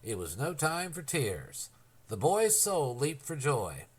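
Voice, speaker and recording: Sex: man. Role: audiobook narrator. Style: scripted narration. Pitch: middle, lively intonation. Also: slow, slightly rough.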